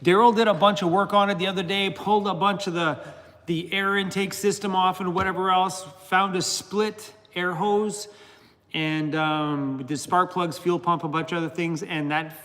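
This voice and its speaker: A middle-aged man chats loosely on a livestream, reading out member names and laughing often. His voice sits a little high for a man, and a long reverb trails his words. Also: steady tone, moderate pace, fairly bright tone. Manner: chatty, laughs often, talks to his dog. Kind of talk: casual livestream chat.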